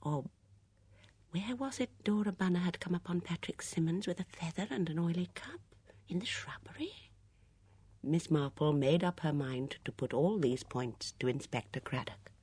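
Audiobook narrator, measured, steady storytelling, dry close-miked sound. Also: medium pitch, slightly rough, no echo. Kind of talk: scripted narration.

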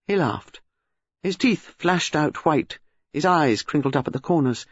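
A man narrating an audiobook in a measured, expressive way. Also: a little high, slightly rough, dry recording. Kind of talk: scripted narration. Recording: dry slightly dull studio sound.

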